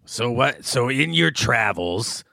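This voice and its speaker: A man at a tabletop game, speaking slowly with a gravelly, bright tone. He asks questions, close to a dry mic. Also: mid-range voice, very animated, no room sound. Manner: slow, questioning. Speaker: player. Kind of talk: casual tabletop play.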